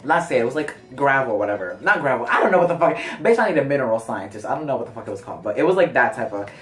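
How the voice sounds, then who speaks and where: Young male vlogger, chatty and animated, mid voice, echoey room. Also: very fast, distant mic. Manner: animated, filler-heavy, jumps pitch for quoted lines. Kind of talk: casual profane storytelling. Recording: roomy sound from off-mic, faint music.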